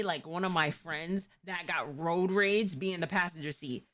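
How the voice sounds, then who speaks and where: A woman's voice: on the low side, lively intonation, normal speed, few pauses, fairly bright tone. A woman from New York, hosting a stream and chatting casually about driving in a rambling, slangy way. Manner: rambling, slangy, many restarts. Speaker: streamer host.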